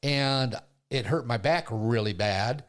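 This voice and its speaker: A man's voice: mid-range voice, slow pace. An older man hosting a podcast, telling a personal story in a casual way and acting out what he and others said. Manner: animated storyteller who acts out his own past voices. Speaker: podcast host.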